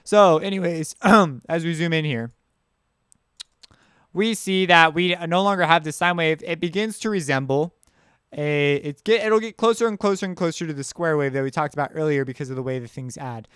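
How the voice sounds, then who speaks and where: A man's voice: on the high side, normal speed, fairly bright tone, clear, resonant tone, dry recording, clean studio sound. A man teaching sound basics in a loose, chatty tutorial, thinking aloud as he works. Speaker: music production teacher. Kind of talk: casual screen-share tutorial.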